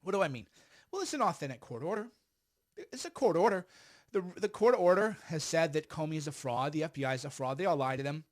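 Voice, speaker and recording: A middle-aged man delivers livestreamed political commentary in a blunt, emphatic way. His voice sits fairly high for a man. He pauses to puff on a cigar as he talks. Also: animated.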